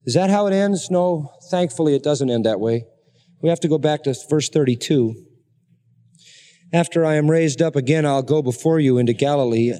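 A man's voice: moderate pace, mellow. Man preaching a sermon in a reverberant hall. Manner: emphatic preaching, rising to high intense peaks. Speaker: pastor.

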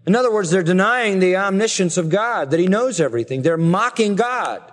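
A man's voice: high voice, animated, brisk, big-room sound. A man preaching a sermon, earnestly explaining and paraphrasing scripture. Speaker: pastor.

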